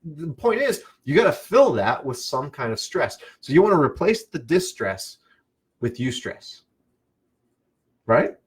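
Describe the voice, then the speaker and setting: A man's voice: fairly high pitch, measured pace. Chatty man coaching on a live stream. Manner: animated, repeats and restarts, asks "right?". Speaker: online business coach. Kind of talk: casual live-stream talk.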